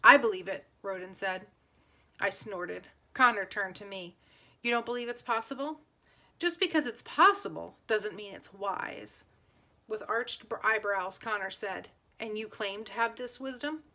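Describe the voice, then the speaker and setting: A woman's voice: mid-range voice, unhurried, sharp tone. A woman reading a novel aloud, giving plain voices to the characters and now and then restarting a word. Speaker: audiobook reader.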